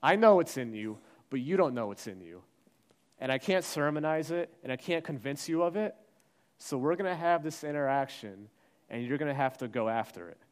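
Guy preaching a sermon, goes quiet then loud, acts out the quotes, middle pitch. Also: lively intonation, moderate pace. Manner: dramatic, acts out quoted voices, shifts from soft to loud. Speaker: pastor.

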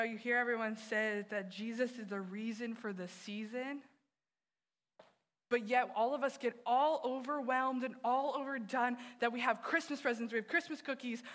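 A woman's voice: a little high, moderate pace. A woman youth director giving an earnest sermon, telling personal stories and speaking straight to the listeners.

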